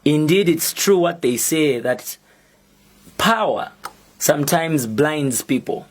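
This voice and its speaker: A young Zambian man with a Zambian accent, speaking as an activist in a prepared public statement, slow, deliberate and defiant. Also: on the high side, animated. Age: young adult.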